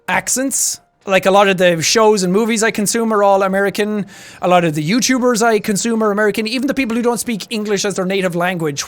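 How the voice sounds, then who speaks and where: Irish guy streaming, high voice, chatty and laughing a lot, faint music under. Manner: animated, chatty, laughs often, slips into character voices. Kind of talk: casual stream chat.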